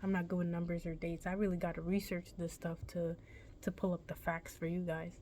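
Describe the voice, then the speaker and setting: A woman's voice: on the low side, little pitch movement, a little fast, mellow, slight background noise. A young woman vlogger casually telling a personal story, rambling and correcting herself in a laid-back, chatty way.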